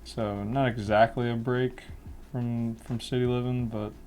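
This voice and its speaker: A cartoonist casually talking through a drawing lesson in a relaxed, rambling way. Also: male voice, mid-range voice, a little slow, soft background music. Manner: relaxed, rambling, laughs often.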